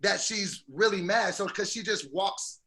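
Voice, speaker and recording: A man with a high, very bright voice tells a story in casual podcast chat. He acts out what people said with lots of energy. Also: unhurried. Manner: animated storyteller, acts out quotes. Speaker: podcast co-host.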